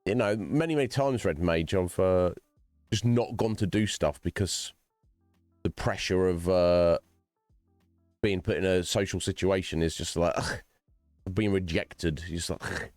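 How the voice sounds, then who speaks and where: A man's voice: sits low, a little slow, pauses often, darkish tone, no echo, soft background music. A man streaming, chatting casually to his viewers in a rambling, conversational way with lots of restarts.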